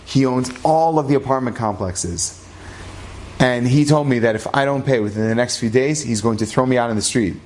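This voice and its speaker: A man's voice: mid-range voice, moderate pace, darkish tone, lightly acted. A man voicing a desperate, tearful young widow who begs a rabbi for help. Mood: pleading. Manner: pleading, tearful.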